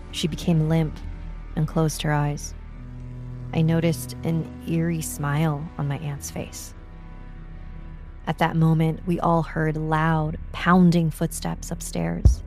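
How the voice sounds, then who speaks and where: A woman narrating a true ghost story in a steady, measured way. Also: low voice. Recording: narration over music.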